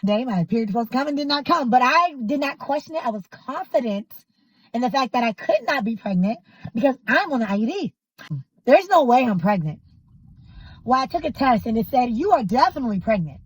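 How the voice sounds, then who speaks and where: A woman in her thirties telling a personal story in a casual, animated and emphatic way, often exasperated. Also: on the high side, brisk, slightly rough, no room sound, low-quality recording.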